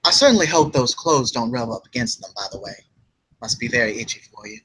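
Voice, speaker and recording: A man's voice: mid-range voice, lively intonation, fast, a bit bright, slight background noise, voice pushed down, close to an everyday voice, rough recording. A man voicing a haughty noble lady who trades mock-polite, cutting sarcasm. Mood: sarcastic.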